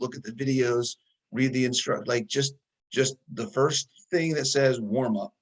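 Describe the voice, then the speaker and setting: A male coach hosts an interview over a video call. His voice sits at a mid pitch. He gives clear, short instructions and answers with quick affirmations. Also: rough recording. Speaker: coach and host.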